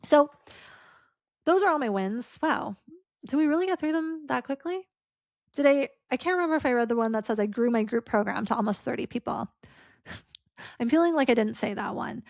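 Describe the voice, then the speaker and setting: Effusive high-voiced woman podcast host. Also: expressive, moderate pace, pauses often, darkish tone, dry recording, studio quality. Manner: effusive, heartfelt, chatty with fillers and swearing. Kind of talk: casual solo podcast reflection.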